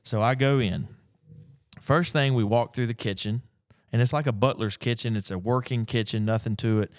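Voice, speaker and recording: A man's voice: mid-range voice, normal speed, no room sound, studio quality. Folksy storyteller, middle-aged man. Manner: animated, folksy, acts out the people in his stories. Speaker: antiques picker and auction dealer. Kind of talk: casual storytelling. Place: auction gallery.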